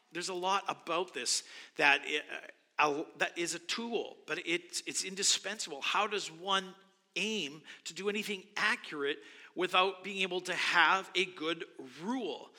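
A man's voice: on the high side, bright, forceful tone. A male pastor preaching a sermon in a church, musing and conversational with frequent restarts. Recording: long hall reverb.

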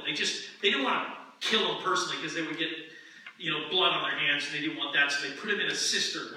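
A male pastor giving a sermon in a conversational, animated storytelling manner. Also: fairly high pitch. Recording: echoey room, mic at a distance, faint noise.

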